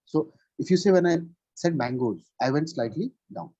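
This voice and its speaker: A man's voice: on the high side, animated, normal speed, dark tone, dry recording. A man teaching English pronunciation in a one-on-one lesson, patient and checking in often with "right?". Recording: dull lo-fi sound.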